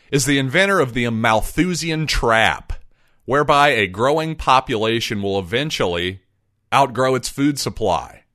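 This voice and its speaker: A man narrating a history lesson from a script, with a bright, forceful tone. He makes his points emphatically and stops to ask rhetorical questions. The recording is close and dry, with no room sound. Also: mid-range voice, no room sound.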